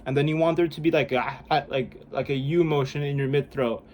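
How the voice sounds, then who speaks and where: A man's voice: mid-range voice, steady tone, fairly quick, darkish tone, slight background noise. A young man vlogging casually and self-consciously, rambling with lots of "like" and "bro". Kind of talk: casual self-help vlog. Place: room indoors at home.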